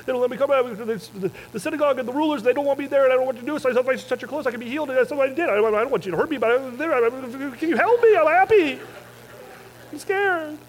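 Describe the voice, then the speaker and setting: A man voicing a frightened woman who pleads in a halting, stammering rush of words. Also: very high voice, pitched above the performer's own voice, poor audio. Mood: frightened pleading. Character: frightened pleading woman, long ill, desperate.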